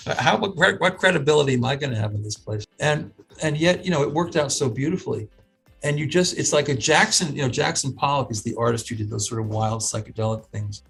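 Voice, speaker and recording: Gravelly husky guy spinning a story, acts out the voices, lots of restarts, faint music behind. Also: medium pitch. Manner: lively storyteller who acts out quoted voices, with frequent restarts. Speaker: medical school professor and institute founder. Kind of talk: animated storytelling talk.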